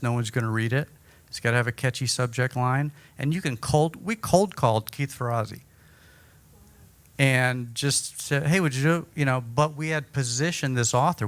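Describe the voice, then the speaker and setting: A man giving an energetic, chatty breakout-session talk at a conference, joking about himself. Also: mid-range voice, moderate pace. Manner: energetic, chatty, self-deprecating. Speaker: workshop speaker. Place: conference room.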